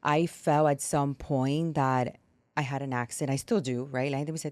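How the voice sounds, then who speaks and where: Low-voiced woman with a Miami accent. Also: fairly even intonation, normal speed, a little mellow, no echo. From United States. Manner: emphatic, frequent "right?" tags. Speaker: podcast host. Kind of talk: casual podcast conversation.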